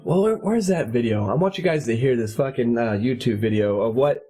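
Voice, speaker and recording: A man in his thirties hosting a casual podcast chat, telling a profane story in an animated way and laughing often. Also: medium pitch, brisk, slightly rough. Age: 30s. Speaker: podcast host.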